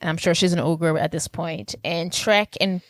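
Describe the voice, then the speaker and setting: Low-voiced woman recapping a movie. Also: measured pace, dry recording. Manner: animated retelling, quotes lines in character. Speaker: podcast co-host. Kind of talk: casual movie recap chat.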